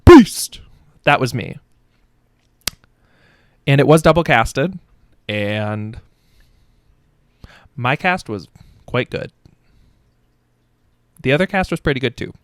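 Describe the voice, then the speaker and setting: A man's voice: medium pitch, animated, takes it slowly, pauses often, no room sound, studio quality. A young adult man hosting a casual comedic book review podcast, rambling with profane, self-mocking asides. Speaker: podcast host.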